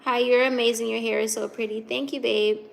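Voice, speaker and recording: Young woman livestreaming, kinda high voice, lots of fry, slow easy chat w faint noise behind. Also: little pitch movement. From Virginia. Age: 20s. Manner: chatty, giggly, reads comments aloud. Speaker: livestream host reading chat.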